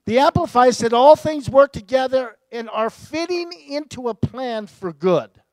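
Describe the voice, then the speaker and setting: A man pastor delivering a sermon in a fairly high voice. He climbs to emphatic, raised peaks, then drops to low, quiet asides, and often laughs at himself. The sound is dry and close, with no room around it. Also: expressive, measured pace, no echo, poor audio.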